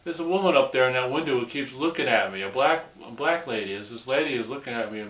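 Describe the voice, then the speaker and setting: A man's voice: medium pitch, expressive, quick pace, fairly bright tone, echoey room, lightly acted. A man doing a scared, nerdy little boy. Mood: insistent.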